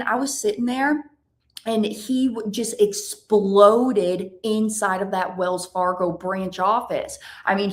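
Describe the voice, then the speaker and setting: Brief: American woman host, mid-pitched, animated and emphatic, educational podcast monologue. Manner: emphatic, animated, drawn-out stressed words, rhetorical questions.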